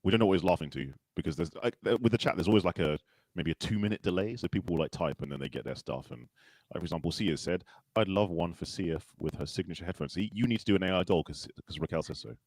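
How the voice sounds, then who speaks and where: A man co-hosting a casual podcast, joking in quick banter. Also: deep voice, darkish tone, no echo. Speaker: podcast co-host. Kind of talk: casual chat.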